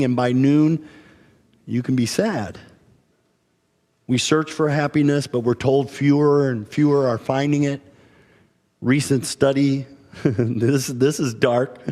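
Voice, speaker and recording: A man's voice: medium pitch, a little mellow. A male pastor preaching a sermon, conversational and humorous, telling stories in a church. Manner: storytelling with acted voices, conversational and humorous. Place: church sanctuary. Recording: church hall reverb.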